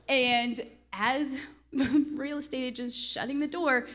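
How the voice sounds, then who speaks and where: Animated woman telling a story, laughing. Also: high voice, takes it slowly. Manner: animated, laughing, acts out quotes. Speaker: real estate investor. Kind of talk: storytelling on a panel.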